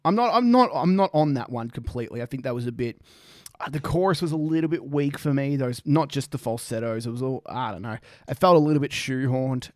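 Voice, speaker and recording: A man's voice: medium pitch, no room sound, clean studio sound. A young man rambling through a casual music reaction, swearing freely and laughing often.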